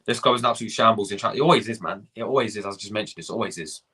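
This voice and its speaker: Young guy ranting on a live stream, husky voice, swears a lot, keeps repeating himself. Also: lowish voice, very fast, pushed and bright. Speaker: fan channel host. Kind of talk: live-stream rant reading chat.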